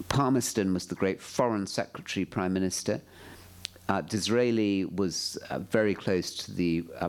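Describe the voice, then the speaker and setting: A middle-aged man giving a public lecture, hesitant with ums and uhs and dry, wry asides. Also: deep voice. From England.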